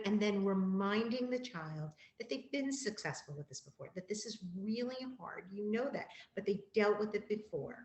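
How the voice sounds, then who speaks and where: Woman counselor, mid-pitched, calm and gentle, presenting to parents; roomy echo. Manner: calm, gentle and explanatory, repeats key phrases. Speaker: school counselor.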